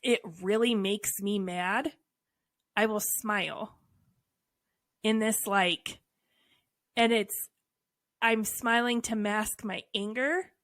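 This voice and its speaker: A woman's voice: medium pitch, fairly even intonation, takes it slowly, pauses often, fairly bright tone, no room sound. A woman co-hosting a podcast, telling stories frankly and animatedly with wry asides. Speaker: podcast co-host. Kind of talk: candid casual conversation.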